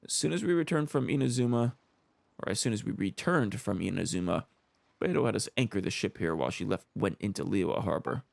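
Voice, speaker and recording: A man's voice: fairly low pitch, expressive, fairly quick, gravelly, no echo. A man hosting a let's play, chatting casually and often correcting himself. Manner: chatty, self-correcting, laughs easily. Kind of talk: casual game commentary.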